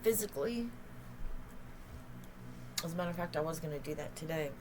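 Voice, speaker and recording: A woman's voice: low voice, expressive, brisk, noisy background. A woman in her fifties, tearful, talking in a raw, emotional, confessional vlog and swearing freely. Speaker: spiritual channeler and vlogger.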